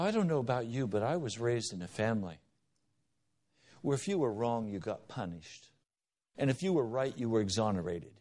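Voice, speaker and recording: A man's voice: medium pitch, darkish tone. A middle-aged man preaching a sermon, moving from stern warnings to storytelling. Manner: earnest, shifting between stern warning and storytelling. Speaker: pastor.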